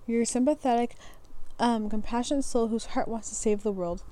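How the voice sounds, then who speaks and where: A young woman hosting a podcast reads astrology descriptions aloud loosely and casually, tripping over words, restarting lines, and laughing at herself. Her voice is on the high side and dark in tone, and she talks fairly quickly.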